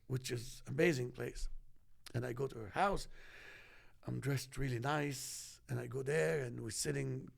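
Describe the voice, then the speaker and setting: A middle-aged man from Egypt, hosting a casual chat and telling animated stories. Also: medium pitch, gravelly. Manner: animated storyteller, acts out quoted voices. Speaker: host.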